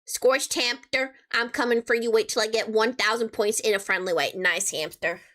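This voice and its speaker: On a live stream, a woman with a high, childlike voice chats casually, reading out messages and replying to them. Her tone is bright and crisp, with playful, teasing asides, fairly even intonation, and a moderate pace.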